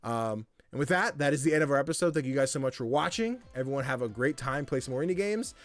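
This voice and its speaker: A man hosting a casual podcast, telling stories in an animated, laughing way, with a tired throat. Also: medium pitch, quick pace. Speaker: podcast host.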